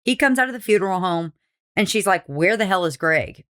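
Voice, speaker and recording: A woman's voice: medium pitch, lively intonation, fairly quick, a bit bright. A woman hosting a casual true crime podcast, swearing freely and acting out quotes from the people she talks about. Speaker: podcast host.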